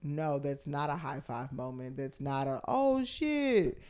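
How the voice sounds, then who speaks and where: A woman comedian as a podcast guest, telling stories in casual chat, acting out quotes and swinging from hushed to loud, with lots of fillers. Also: extremely low pitch, normal speed, smooth. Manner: animated storyteller who acts out quotes with big swings from hushed to loud; filler-heavy speech with many likes and restarts.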